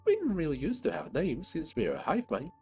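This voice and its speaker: A man voicing a tiny, friendly ant that speaks as a hive mind, in a squeaky upbeat voice. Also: huge pitch swings, a little fast, a little mellow. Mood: chipper.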